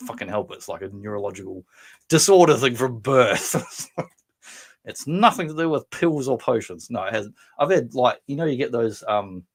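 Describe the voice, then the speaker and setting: A man's voice: mid-range voice, lively intonation, normal speed. Rambling Australian man on a livestream. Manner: rambling, self-mocking, bursts into silly voices. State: voice strained after drinking. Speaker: livestream host. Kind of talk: casual live chat reading viewer comments.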